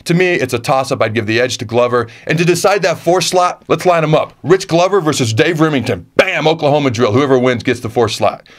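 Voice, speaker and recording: A man's voice: fairly high pitch, brisk, few pauses. A man in his thirties, a former football player, reading fan questions and answering them in a casual, emphatic way that repeats phrases for punch.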